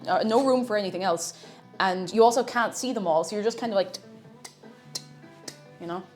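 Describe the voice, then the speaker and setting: A young Irish woman live-streaming as she cooks in her kitchen at home, chatty and giggly, reading her chat aloud. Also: medium pitch. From Ireland. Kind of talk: casual live-stream chat while cooking.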